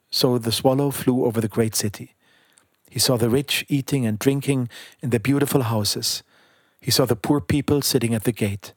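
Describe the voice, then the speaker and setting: A man reading a children's storybook aloud in a calm, steady narration. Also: medium pitch, normal speed, husky, dry recording, studio quality.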